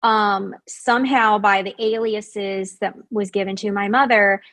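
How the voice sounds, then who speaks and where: A woman guest telling a personal story in a casual, animated way, full of "like" and acting out what others said. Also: mid-range voice, unhurried. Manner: animated, acts out quoted voices; frequent fillers like "like".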